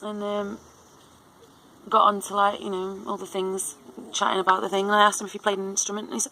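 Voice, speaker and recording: Gravelly, bright-voiced woman rambling. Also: medium pitch, completely flat delivery, a little fast, poor audio. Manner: rambling, with many fillers, restarts and laughs. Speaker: vlogger. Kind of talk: casual storytelling chat.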